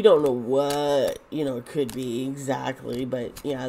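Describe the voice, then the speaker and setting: A woman giving a casual tarot reading, talking in a halting way and repeating her words. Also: very deep voice, steady tone, warm tone, slight background noise. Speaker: tarot reader.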